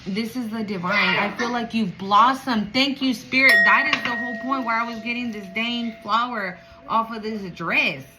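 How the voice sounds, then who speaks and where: A woman giving a channeled spiritual reading to viewers, emotional and animated, swearing casually. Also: on the high side, moderate pace, few pauses, low-quality recording. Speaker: spiritual reader.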